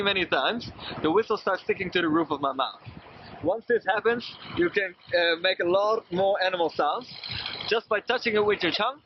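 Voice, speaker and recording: A man's voice: sits high, moderate pace. A man explaining step by step how to use a small whistle, with some hesitant fillers. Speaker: product demonstrator. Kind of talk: instructional demo. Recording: dull lo-fi with loud background noise.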